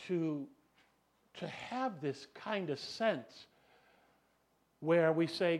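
A middle-aged man preaching a sermon, telling a personal story in an animated, self-mocking way and filling his talk with "you know". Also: a little high, takes it slowly, pauses often. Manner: animated, self-deprecating, acts out voices, many "you know"s. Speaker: pastor.

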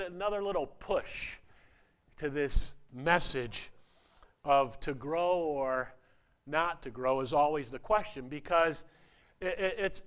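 A male pastor preaching a sermon in a halting, repetitive way, with a story woven in. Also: on the high side, a bit bright, clear, resonant tone.

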